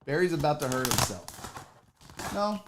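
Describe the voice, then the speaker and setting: Excitable, foul-mouthed woman hosting a show. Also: low-pitched, moderate pace, very noisy. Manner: excitable and heavily profane; talks straight to the audience. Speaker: sports show host. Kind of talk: casual unboxing chat to viewers.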